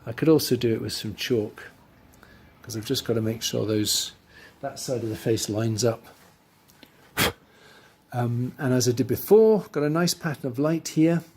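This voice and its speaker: A man's voice: medium pitch, moderate pace, pauses often, husky. Man talking through a drawing demo. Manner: thinking aloud while drawing, quiet trailing asides. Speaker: art teacher. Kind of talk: drawing tutorial voice-over.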